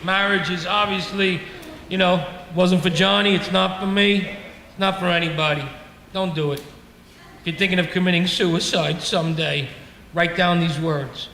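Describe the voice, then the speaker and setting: A high-pitched, sharp-toned middle-aged man performs stand-up in a club, venting in a self-mocking, exasperated rant as the audience laughs. There's slight background noise, and the echoey room gives the recording reverb.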